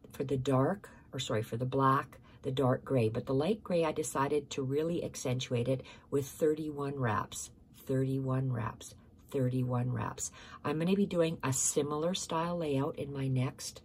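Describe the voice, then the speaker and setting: A woman's voice: rumbling low, darkish tone, slight background noise. A woman hosting a casual stitching tutorial, explaining step by step, repeating measurements and correcting herself, sometimes dropping to a near-whisper.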